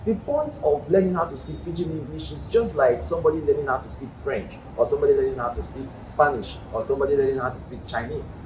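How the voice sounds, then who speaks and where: A man with a Nigerian accent gives a casual video lesson and often asks the viewer questions. His voice sits a little high for a man. The room is echoey, with a faint hum of ambient noise behind him. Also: fast talker, hardly any pauses. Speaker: language teacher.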